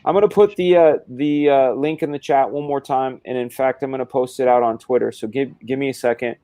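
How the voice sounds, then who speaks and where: A man's voice: mid-range voice, fairly even intonation, a little fast, warm tone, dry recording. A man hosting a casual live stream, rambling and hesitant with lots of fillers. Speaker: stream host.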